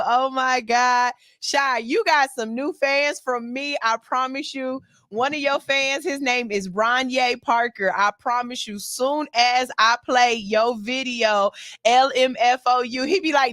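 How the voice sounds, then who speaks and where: A woman with a bright, forceful, fairly high voice hosts a casual morning radio show. She banters loosely and playfully and curses freely. The recording is close and dry. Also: unhurried, no room sound. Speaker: station engineer.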